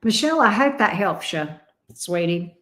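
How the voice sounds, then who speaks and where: Woman tarot reader on a livestream, mid-pitched, unhurried, affectionate pet names, echoey room. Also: lively intonation, fairly bright tone. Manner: affectionate, calls viewers babe and sweetie; casual and salty, swears lightly. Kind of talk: livestream tarot readings for viewers.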